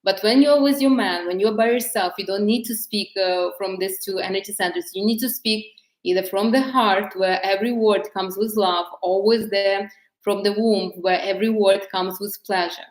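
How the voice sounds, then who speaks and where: Woman, femininity coach, casual talk to camera, hesitant fillers, mid-pitched voice, roomy echo. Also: fairly even intonation, normal speed. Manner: hesitant, many fillers and restarts, gentle explaining tone.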